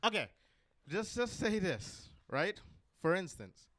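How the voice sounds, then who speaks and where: A man's voice: high-pitched, big pitch swings, takes it slowly, fairly bright tone. A man from Jamaica doing a stand-up set on a club stage, rambling with many ums between crude punchlines. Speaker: stand-up comedian. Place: comedy club stage with audience.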